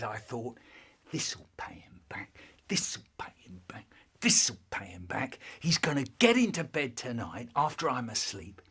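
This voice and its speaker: Man, storyteller, slow delivery, husky timbre, theatrical, lively pitch. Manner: expressive, theatrical, acts out voices and whispers. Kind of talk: performed childhood storytelling.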